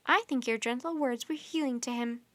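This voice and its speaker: A cheery young male apprentice wizard speaks with easy, slightly formal confidence, offering reassurance, as a woman storyteller voices him. The tone is a touch high, and the recording is close and dry. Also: normal speed, fairly bright tone, dry recording, close to an everyday voice. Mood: assured.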